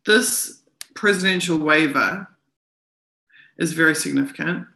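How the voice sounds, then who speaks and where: Woman, live-stream co-host, reads documents aloud then comments, bright forceful tone, echoey room. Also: deep voice, unhurried, gravelly. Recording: roomy echo.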